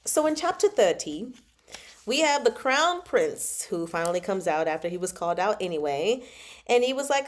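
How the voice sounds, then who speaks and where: A woman's voice: mid-range voice, sing-song, moderate pace. A young adult woman hosting a casual book chat, playful and laughing often as she reacts to a novel. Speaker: book club host reading and reacting.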